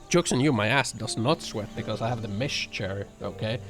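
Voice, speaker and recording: A man's voice: on the low side, normal speed. A man streaming from his apartment, chatting with viewers in a sarcastic, profane, rambling way full of fillers. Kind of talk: casual chat reacting to viewer comments. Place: home apartment. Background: background music.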